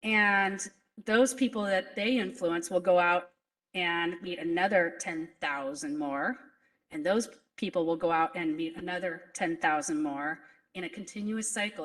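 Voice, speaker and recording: A woman's voice: on the low side, a bit bright. Woman principal giving an earnest graduation speech, kinda far from the mic. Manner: earnest, motivational, emotional. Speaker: school principal. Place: school graduation ceremony.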